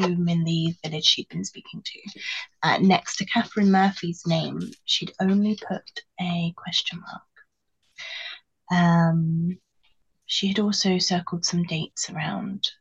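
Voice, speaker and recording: A woman's voice: lowish voice, husky. A woman playing a tabletop game, chatting casually and often whispering asides. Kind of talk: casual play chat. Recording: slightly dull lo-fi mic.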